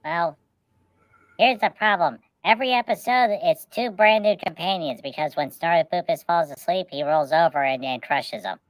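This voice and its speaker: Playful woman with a low voice, dry sound. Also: moderate pace, no room sound. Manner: rambling with restarts, playful. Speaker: podcast co-host. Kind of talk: casual chat, joking riffs.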